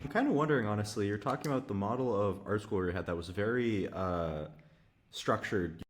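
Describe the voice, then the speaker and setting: A man's voice: lowish voice, brisk, slight background noise. A young man hosting a podcast, asking curious, probing questions. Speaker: podcast host.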